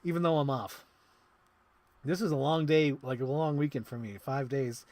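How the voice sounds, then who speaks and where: A man chatting casually on a live stream while unboxing toys, rambling and excitable with lots of "like.". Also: mid-range voice, normal speed. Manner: rambling, excitable, heavy use of "like". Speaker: toy collector streamer.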